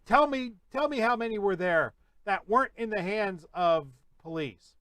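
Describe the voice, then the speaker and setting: Man, podcast host, hoarse voice, sarcastic rant, higher pitch, dry close recording. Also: animated, moderate pace, a bit bright, no echo. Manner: sarcastic, ranting. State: hoarse, losing his voice. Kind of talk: opinionated commentary.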